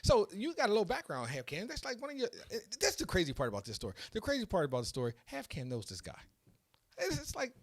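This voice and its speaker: A man hosting a casual podcast, telling a story in an excitable, animated way that builds to loud peaks. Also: high-pitched, fast talker. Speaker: podcast host.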